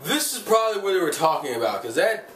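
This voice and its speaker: A man's voice: high voice, very animated, fast, a bit bright. Male vlogger, casual heated review, loose and profane; faint room noise behind him. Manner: rambling, profane, heated ranting full of "like". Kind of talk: casual spoken episode review. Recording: roomy sound from a distant mic, faint ambience.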